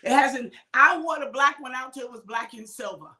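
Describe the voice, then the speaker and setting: Woman preacher, high voice, bright tone, fervent, shouting, calling out viewers. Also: brisk. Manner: exhorting, calls out viewers by name, often shouts. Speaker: minister hosting a midday livestream. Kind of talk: informal preaching to online viewers.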